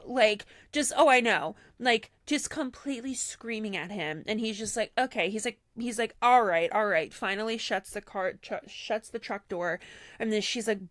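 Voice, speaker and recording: A woman's voice: mid-range voice, dry recording, clean studio sound. A woman co-hosting a casual podcast, animatedly retelling a story with lots of "like" and quoted dialogue. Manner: animated retelling, heavy use of "like", quoting others in her own voice. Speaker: podcast co-host.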